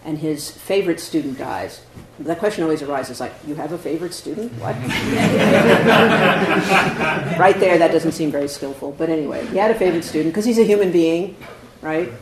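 A man's voice: on the high side, fast, hardly any pauses, crowd noise. A man, a Zen teacher, giving a dharma talk in a conversational way, often asking "right?" and "you know". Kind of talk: dharma talk answering questions. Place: meditation hall. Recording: echoey hall, faint noise.

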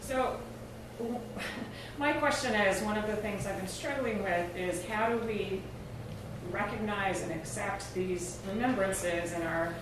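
A woman asks a question from the audience, pausing to search for her words. She sits well away from the mic, so her voice comes through a very echoey hall. Clear background noise sits under her. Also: mid-range voice, far from the mic. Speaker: audience member asking a question.

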